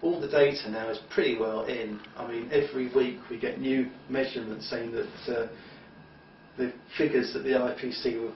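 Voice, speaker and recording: A man's voice: mid-range voice, fairly even intonation, moderate pace, a little hiss or hum. Opinionated man in a roomy echo. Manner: opinionated, emphatic, rambling with restarts. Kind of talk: monologue talk. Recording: roomy, distant, dull lo-fi.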